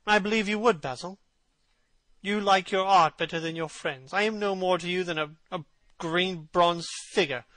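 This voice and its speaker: A vain young man, voiced by a male reader, speaks passionately and pleadingly in a raised, bright voice. The recording is close and dry. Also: high voice, normal speed, dry recording, pitched above the performer's own voice. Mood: wistful. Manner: impassioned, pleading.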